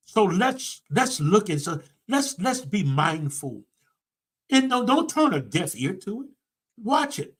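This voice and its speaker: A man preaching to a congregation, emphatic, swinging his pitch for emphasis and repeating key phrases. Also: fairly bright tone. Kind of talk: sermon-style commentary.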